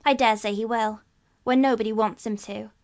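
A woman's voice: on the high side, steady tone, moderate pace, close to an everyday voice. A woman reading aloud and voicing a crafty, impatient young boy in a storybook. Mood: eager. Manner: eager and impatient.

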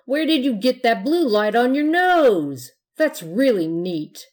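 A woman's voice: fairly high pitch, expressive, unhurried, darkish tone, pitched above the performer's own voice. A woman voicing an enthusiastic boy dressed as a ghost in a storybook reading. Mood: excited. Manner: eager, enthusiastic. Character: excited boy in a ghost costume, generous.

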